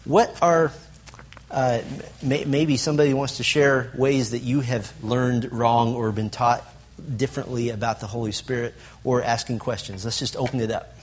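Against slight background noise, a man with a steady, mid-range voice speaks at normal speed during a Bible lesson for a group. He questions the room and delivers his lists emphatically.

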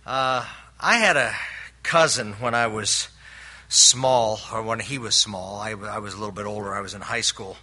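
A man's voice: on the low side, normal speed, bright, forceful tone. An older man preaching a sermon in an earnest way, explaining scripture with homely stories and frequent restarts. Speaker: pastor.

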